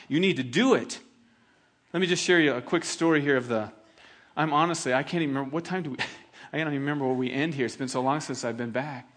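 A middle-aged male pastor preaching a sermon, telling stories in an animated, laughing way. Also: mid-range voice, brisk.

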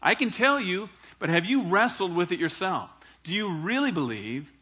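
A man preaching a sermon with a bright, forward voice set a little high. He talks conversationally and asks the congregation for responses. Now and then he acts out a quoted voice, swinging his pitch and loudness. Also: sing-song, moderate pace. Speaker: pastor.

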